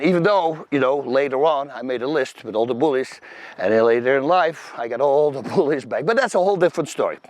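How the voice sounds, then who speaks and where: A middle-aged man with a Dutch accent, telling his personal story to camera in an animated, emphatic, slangy way. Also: a little high, dry recording. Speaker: host.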